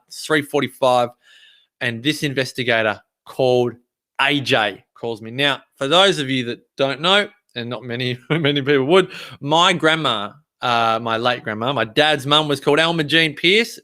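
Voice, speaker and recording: A man with an Australian accent telling a story in a chatty, animated way. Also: mid-range voice. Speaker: vlogger. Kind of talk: casual storytelling.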